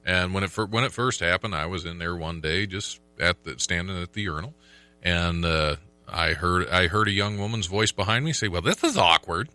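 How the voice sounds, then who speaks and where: A man's voice: low voice, moderate pace, pushed and bright, dry recording. A man hosting a casual podcast, reading odd news stories aloud and laughing often. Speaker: podcast host.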